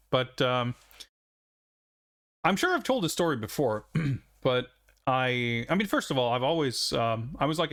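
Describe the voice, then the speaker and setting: A man's voice: mid-range voice, a bit bright. A male streamer chatting casually with his viewers during a live game stream, musing and searching for words as he answers.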